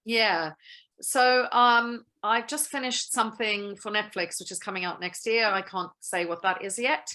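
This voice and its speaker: A woman, a guest actress, telling stories in a lively, chatty way in a casual interview. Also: medium pitch, measured pace.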